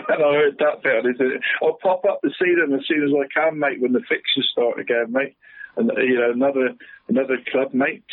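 An enthusiastic man with a husky voice chats on a radio show, saying "mate" in nearly every phrase. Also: medium pitch, no echo. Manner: enthusiastic, says "mate" constantly. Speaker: radio co-host. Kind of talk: casual radio chat. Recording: tinny phone line.

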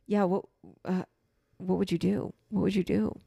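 A woman's voice: lowish voice, flat delivery, normal speed, gravelly, dark tone, slightly rough, dry recording, clean studio sound. A young woman co-hosting a casual movie podcast, reacting emphatically and often repeating her reactions. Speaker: podcast co-host.

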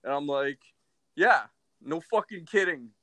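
A man's voice: a little high, lively intonation, unhurried, sharp tone. A man telling a story in a casual chat, acting out both sides of it in disbelief.

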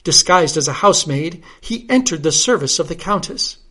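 Man, narrator, comic story read aloud, measured, theatrical, high voice. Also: animated, pushed and bright, husky.

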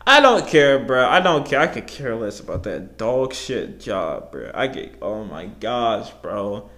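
A man's voice: mid-range voice, very animated, slow, pushed and bright. A young man from Canada hosting a podcast, ranting about a job with lots of profanity and slang. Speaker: podcast host.

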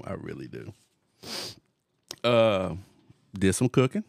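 A man in his forties telling a story in casual chat, animated, laughing often, with slangy phrasing. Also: low voice, extremely slow, creaky, dry recording, clean studio sound. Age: 40s.

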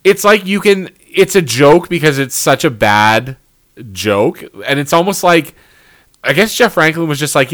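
A man's voice: a little high, sing-song, a little slow, fairly bright tone. A man co-hosting a casual podcast, reviewing a TV show with sarcasm, frequent swearing and laughter. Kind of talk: casual chat.

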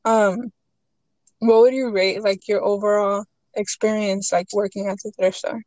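A young woman in casual chat, asking questions and sharing a work story, relaxed and quick to laugh. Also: mid-range voice, no echo, poor audio.

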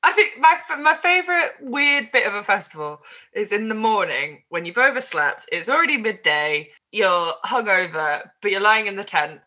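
A woman's voice: medium pitch, animated, normal speed, bright, forceful tone. A young woman co-hosting a casual chat podcast, playful and teasing. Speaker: podcast co-host.

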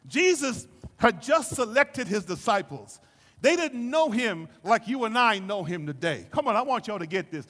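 A man preaching a sermon, moving from calm teaching to shouted, sing-song preaching and acting out voices from scripture. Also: high voice, normal speed, in a large hall. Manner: acts out voices of scripture figures.

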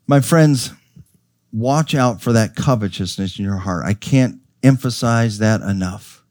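A middle-aged man preaching a sermon, emphatic, asking the congregation questions and leaping up in pitch for stress. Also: a little mellow, no echo, studio quality. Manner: emphatic, with rhetorical questions and sudden pitch leaps.

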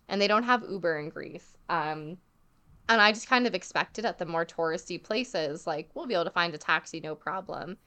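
Bright, chatty young woman. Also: mid-range voice, clean tone. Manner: chatty, heavy filler "like", animated quoting. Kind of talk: casual travel storytelling.

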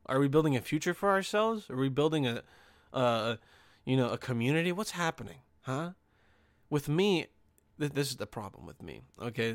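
A young man rants on his podcast in a loose, profane ramble, stumbling over restarts and tossing in "okay?" checks. His voice sits at an ordinary middle pitch, and the sound is close and dry. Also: no room sound. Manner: frequent restarts and "okay?" asides. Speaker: podcast host. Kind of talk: casual podcast rant.

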